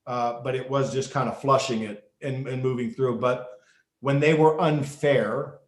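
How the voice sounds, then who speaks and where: A middle-aged man, a former referee, telling stories in an interview in an animated way, with many restarts. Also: mid-range voice, unhurried. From United States. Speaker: guest, former football referee and basketball official. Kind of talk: storytelling interview. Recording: echoey room.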